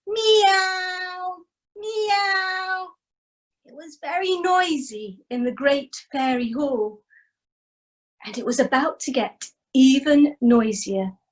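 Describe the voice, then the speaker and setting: A woman storyteller with a high, bright voice spins a traditional folk tale for a family audience. She speaks slowly and expressively, makes the animal noises herself, and invites listeners to join in. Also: rough recording.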